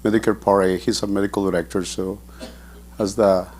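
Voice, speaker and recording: A man's voice: on the low side, little pitch movement, fairly quick, darkish tone. Hesitant man answering residents' questions. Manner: hesitant, many restarts. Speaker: facility administrator answering questions. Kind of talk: answering questions at a town hall.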